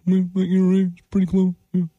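A man doing a mumbling, flat impression of a young male pitcher on a sports radio show. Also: quick pace, no echo, highs cut off. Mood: flat, deadpan.

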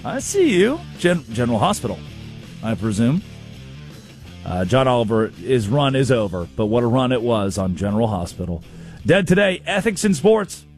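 A man's voice: medium pitch, normal speed, faint music behind. A man hosting a comedic sports talk show, telling stories and mimicking people. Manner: storytelling, mimics people in quotes, animated. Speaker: radio show host.

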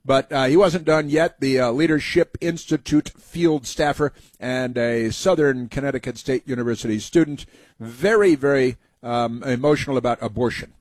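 A man's voice: mid-range voice, moderate pace, darkish tone, dry recording. A man hosting a talk show, giving sarcastic, rambling commentary with many fillers.

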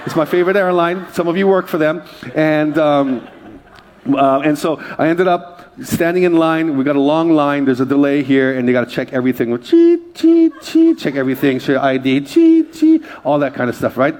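Joking, storytelling male pastor, fairly high. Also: a little fast, darkish tone. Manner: self-deprecating, jokey storyteller. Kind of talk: sermon with humorous personal stories.

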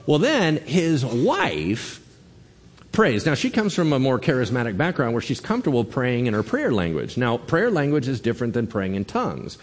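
Male pastor preaching, husky voice, swings up and down a lot, acts out quotes, long hall reverb. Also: mid-range voice, moderate pace. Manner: animated storytelling, acting out quotes. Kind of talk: sermon.

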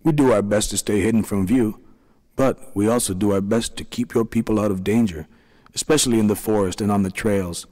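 A man's voice: on the low side, brisk, close to an everyday voice. A man voicing a kind, soothing leader of the little people, a small middle-aged man. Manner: gentle, soothing.

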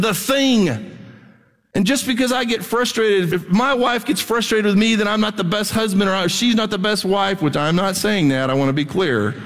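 A man's voice: sits high, moderate pace, a bit bright. A middle-aged man preaching a sermon to his church, talking conversationally with blunt emphasis. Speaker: pastor. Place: church hall. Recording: long hall reverb.

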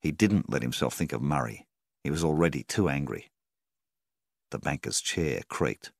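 A man narrating a story in a measured, steady reading style. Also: rumbling low, gravelly, no echo, clean studio sound. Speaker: audiobook narrator. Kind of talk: scripted narration.

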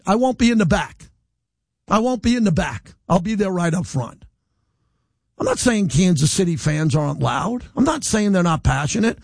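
High-voiced animated radio host man. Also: normal speed, vocal fry, no echo, clean studio sound. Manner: animated, defiant, rambling without a script. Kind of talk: live radio monologue. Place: radio studio. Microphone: studio microphone.

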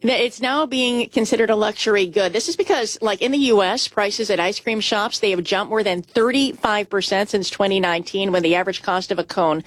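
A woman's voice: mid-range voice, fairly quick, hardly any pauses, no echo. A woman news anchor reading stories in a chatty, lightly emphatic way.

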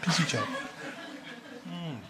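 An Australian man in his thirties doing a stand-up comedy set, telling stories deadpan and working the crowd. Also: on the high side, slow pace, very noisy. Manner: crowd work, deadpan storytelling with acted asides. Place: live comedy venue with audience laughter.

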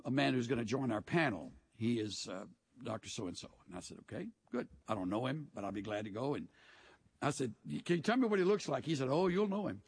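A man's voice: medium pitch, creaky, husky. A man preaching a sermon as a pastor, telling stories in a folksy way with dry humor.

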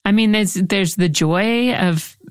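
A woman's voice: medium pitch, slow pace, smooth, no room sound, clean studio sound. A woman hosting an interview, reflective and empathetic as she responds to her guest. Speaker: host. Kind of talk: interview conversation.

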